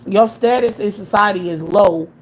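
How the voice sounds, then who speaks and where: Brief woman, livestream host, blunt and profane, scolds her viewers with rhetorical questions, mid-pitched voice. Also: moderate pace, slight background noise. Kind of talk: ranting live commentary.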